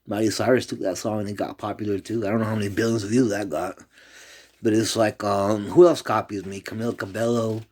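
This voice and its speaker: A man's voice: fairly low pitch, steady tone, quick pace, darkish tone. A man rambling in a loose, profane monologue, jumping from one complaint to the next.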